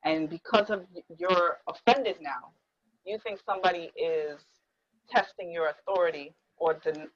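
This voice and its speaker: A woman's voice: lowish voice, highs cut off, slight background noise. A woman in her thirties hosting a casual panel discussion, emphatic and repetitive, acting out the words of others as she makes her points. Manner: emphatic, repeats herself, acts out quoted speech. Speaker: podcast host.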